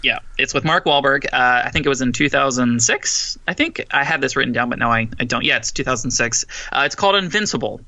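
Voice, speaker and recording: Bright, gravelly young man, dry mic. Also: medium pitch, fast, hardly any pauses, no echo. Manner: relaxed, reads a plot summary aloud with asides. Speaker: podcast co-host. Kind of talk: casual movie chat.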